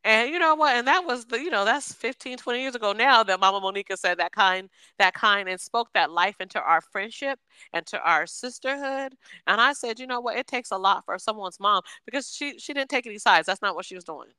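A woman co-hosting a casual podcast chat, telling stories and giving warm shout-outs. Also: fairly high pitch, brisk, clean tone, no room sound. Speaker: podcast co-host.

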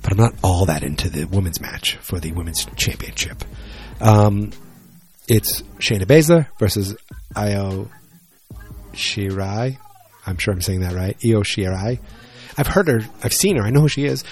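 A man's voice: lowish voice, animated, a little slow, a little mellow, husky, faint music behind. A man chatting casually and rambling on his own about upcoming wrestling matches, joking and poking fun at himself. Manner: rambling, joking, self-deprecating. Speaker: solo wrestling vlogger.

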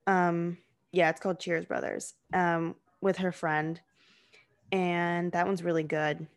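A young woman co-hosts a podcast in a low voice with little pitch movement, speaking slowly. Her talk is a casual chat, heavily filled with "like".

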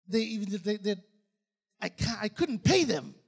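A man preaches in a large hall, repeating his points and hitting them with sudden loud bursts. His voice sits high for a man, and a long reverb rings around every phrase. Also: expressive, moderate pace, creaky, slightly rough. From Uganda. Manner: emphatic and repetitive, with sudden bursts of loud emphasis. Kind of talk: sermon.

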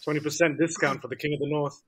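A man in casual chat, tossing in quick jokey quips. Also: on the high side, flat delivery, noisy background.

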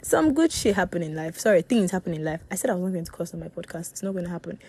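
A young woman hosts her own casual podcast solo, her voice lowish, warm and a bit breathy as she talks quickly with few pauses. She rambles, corrects herself along the way and laughs often.

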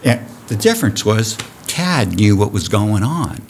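Low-voiced, animated veteran diver. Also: male voice, a little slow, slight background noise. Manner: animated, profane storyteller who acts out shouting. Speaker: dive program director, guest. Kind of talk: storytelling on a podcast.

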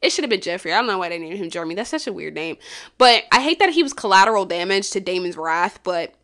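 Expressive and quick-paced, a woman runs her solo podcast as a casual, blunt, swear-filled chat, her volume lurching from low mumbles up to loud outbursts.

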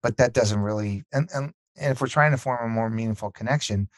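A middle-aged man, a podcast guest, telling stories in an earnest, animated way and acting out the dialogue he quotes. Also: medium pitch, fairly quick, dry recording. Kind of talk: conversational storytelling.

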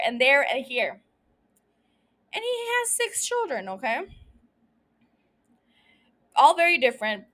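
A woman's voice: high voice, fairly bright tone. A young woman hosting a casual recap podcast, ranting emotionally and swearing freely. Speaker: podcast host.

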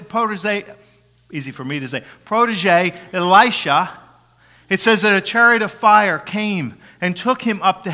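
A man preaching with a bright, forceful voice that sits a little high for a man. He swings from loud, driving emphasis down to hushed whispers. The sound carries the long reverb of a large sanctuary. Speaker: pastor. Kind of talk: sermon. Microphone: handheld microphone.

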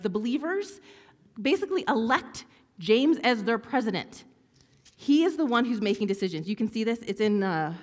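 A woman preaching a sermon in a conversational, animated way, acting out quoted lines with sarcasm. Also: mid-range voice, in a large hall. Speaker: pastor.

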